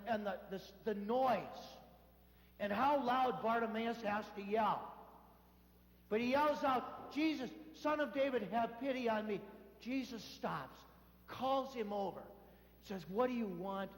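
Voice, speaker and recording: A man giving a sermon as a priest, telling stories in a lively way and acting out the voices of the people in them. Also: extremely high pitch. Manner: animated storytelling, acting out voices in quotes. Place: church. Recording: echoey church hall.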